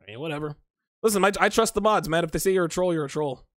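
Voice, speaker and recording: A man's voice: fairly high pitch, racing, fairly bright tone, no echo, clean studio sound. A grown man hosting a casual livestream, reading chat comments aloud and answering them bluntly and profanely, often laughing. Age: adult.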